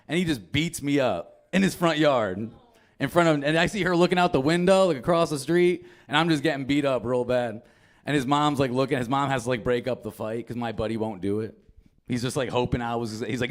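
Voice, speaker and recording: A man's voice: medium pitch, fast. A young man performing a stand-up comedy set, telling stories in a loose, casual way and swearing a lot. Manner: casual, profane, storytelling.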